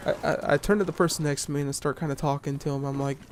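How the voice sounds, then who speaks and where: A man's voice: on the high side, fairly even intonation, rapid-fire, slight background noise. Profane young man ranting over gunfire. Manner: ranting, profane, lots of restarts and fillers. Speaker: gaming video creator. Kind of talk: casual storytelling over gameplay. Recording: gunfire from game audio behind.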